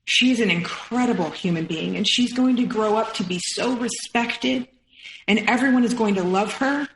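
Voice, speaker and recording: A woman in her thirties with a higher, creaky voice tells a personal story as a podcast guest, the rough recording sounding roomy. She speaks emotionally, quickly quoting and acting out other people.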